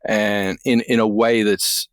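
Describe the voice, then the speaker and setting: A man's voice: on the low side, flat delivery, slow, smooth, no room sound, studio quality. A man from far North Queensland, a guest speaking in an easygoing, loose way with fillers and laughs. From far North Queensland, Australia. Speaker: guest, academic and author. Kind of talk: casual conversation.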